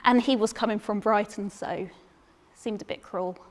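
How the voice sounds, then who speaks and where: A woman's voice: mid-range voice, in a large hall. Chatty woman telling a stage story. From England. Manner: chatty, self-deprecating, halting with repeated words. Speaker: solo performer. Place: theatre stage.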